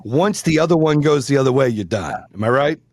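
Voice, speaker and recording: A podcast host with a medium-pitched voice talks fairly quickly, telling stories in casual, profane chat. He's animated and acts out the voices of the people he quotes, over loud background noise.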